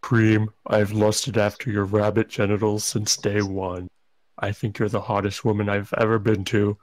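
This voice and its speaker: A man reading the lines of a nervous, lustful young male fox in a monotone delivery, breaking into laughter as he reads. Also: fairly low pitch, normal speed, no room sound, natural voice. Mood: deadpan. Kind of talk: comedic fanfic reading.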